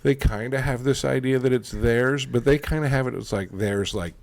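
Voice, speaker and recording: A man's voice: medium pitch, normal speed, dry recording. A Canadian man co-hosting a podcast in a casual, blunt and opinionated chat, swearing freely. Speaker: podcast co-host.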